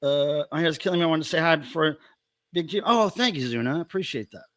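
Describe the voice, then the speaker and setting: A bright, high-pitched man chats playfully on a home livestream, calling out his viewers by name. The sound is dry and close, with no room echo. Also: lively intonation, fast. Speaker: livestream host. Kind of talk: casual livestream chat.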